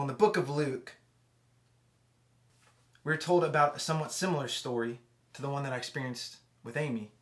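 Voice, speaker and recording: Young adult male youth pastor, casual storyteller, restarts a lot, goes hushed at tender parts. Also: mid-range voice. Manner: conversational, many restarts, drops to hushed tones for emotional moments.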